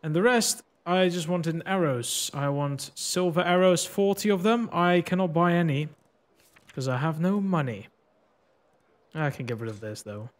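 A man's voice: on the high side, moderate pace. A man streaming a video game, thinking aloud with casual, profane commentary and frequent laughs. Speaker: gaming streamer.

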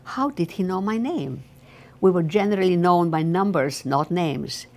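A woman's voice: lowish voice, a little mellow. Elderly woman reading her memoir. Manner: slow, halting reading with restarts. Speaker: memoir author.

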